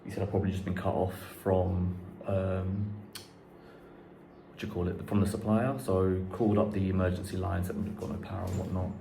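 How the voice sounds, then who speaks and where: Casual young guy, slightly low voice, loose rambling talk, recorded in a roomy empty house with a little noise. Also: completely flat delivery, a little fast, vocal fry. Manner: rambling, chatty, swears casually. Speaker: vlogger. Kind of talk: casual chat to camera. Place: unfinished house under renovation, indoors. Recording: echoey empty room, faint background noise.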